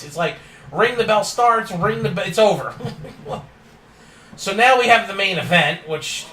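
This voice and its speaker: A man's voice: fairly high pitch, a bit bright, echoey room, far from the mic, a little hiss or hum, poor audio. A man hosting a casual wrestling recap, opinionated and ranting with frequent laughs. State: yawning and tired.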